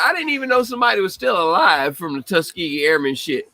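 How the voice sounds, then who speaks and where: In a high, sing-song voice with a sharp tone and a quick pace, a podcast host rants bluntly in casual, profane commentary. He swears heavily and often breaks into laughter, and the recording is dry and rough.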